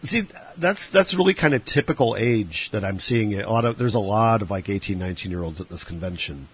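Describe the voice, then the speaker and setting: A man's voice: lowish voice, animated, brisk, husky. A man hosting a radio show, joking around in a put-on Irish accent while taking calls. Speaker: radio host. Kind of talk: casual radio chat.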